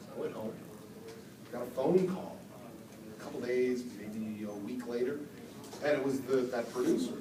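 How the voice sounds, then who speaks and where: A man, a voice actor, telling lively stories at a convention Q&A and acting out the quotes. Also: mid-range voice, moderate pace, pauses often. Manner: animated storyteller, acts out quotes. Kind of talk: storytelling convention panel answer. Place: convention hall from afar. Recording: echoey hall, distant mic, background noise.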